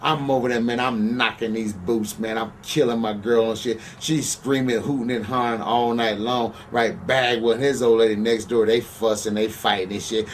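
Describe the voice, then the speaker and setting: A man's voice: medium pitch, steady tone, normal speed, few pauses. A former pro wrestler telling profane, boastful stories in an interview. He keeps asking "you know what I'm saying?". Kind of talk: profane shoot-interview storytelling. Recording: distant mic with faint background noise.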